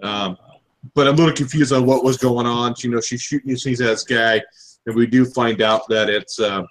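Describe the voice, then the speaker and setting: A man of middle pitch hosts a relaxed comic book chat. He talks haltingly, often starting with "um" and stumbling over repeated words. The delivery stays loose and unscripted. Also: rough recording. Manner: hesitant, many "um"s and repeated words. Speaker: comic podcast host. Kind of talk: casual chat reviewing comics.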